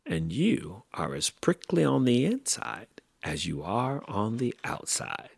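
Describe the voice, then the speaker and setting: A man voicing a calm, blunt male coyote in a children's story, speaking matter-of-factly. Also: medium pitch, slow, vocal fry, husky, no echo, pitched above the performer's own voice, heavily acted. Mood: chiding. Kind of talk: children's picture book read aloud.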